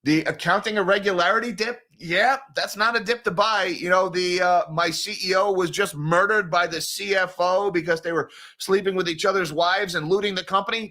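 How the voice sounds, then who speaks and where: A man's voice: high-pitched, steady tone, moderate pace, pushed and bright. A man hosting a casual livestream, talking bluntly and sarcastically with a sore throat, reading and answering viewer comments. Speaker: host.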